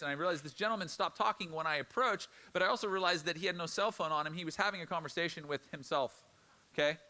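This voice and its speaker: A middle-aged male pastor preaching a sermon, telling a personal story in an animated, conversational way and acting out the quoted lines. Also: fairly high pitch.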